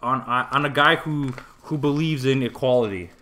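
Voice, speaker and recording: Bright-voiced ranting guy. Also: mid-range voice, normal speed. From Toronto, Canada. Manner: animated, ranting, swears freely. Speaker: podcast co-host. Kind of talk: casual movie review chat.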